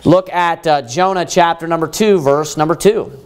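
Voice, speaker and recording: A man's voice: on the high side, normal speed, clear, resonant tone. A man preaching a sermon, emphatic, asking the congregation rhetorical questions and answering them himself, quoting scripture in old-fashioned wording.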